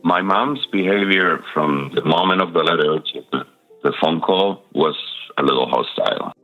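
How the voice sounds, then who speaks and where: Speaking at a normal speed in a deep voice, a middle-aged man from Spain shares candid personal stories as a guest, his Spanish accent clear and his talk dotted with fillers and small laughs. Faint music plays behind him on a dull, lo-fi recording.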